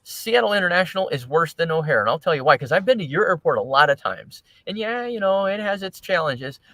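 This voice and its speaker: A chatty man co-hosts a livestream and recounts travel stories, quoting the people he met. His voice is bright and tense, a little high, and the dry recording sounds close. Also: animated, a little fast, dry recording, low-quality recording. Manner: chatty, quotes people while telling stories. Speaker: livestream co-host. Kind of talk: casual chat.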